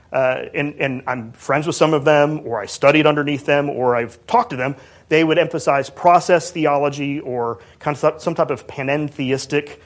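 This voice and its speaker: A man giving a measured academic lecture on theology and healing, stressing key points. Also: on the high side. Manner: measured, emphatic, reads out quotes.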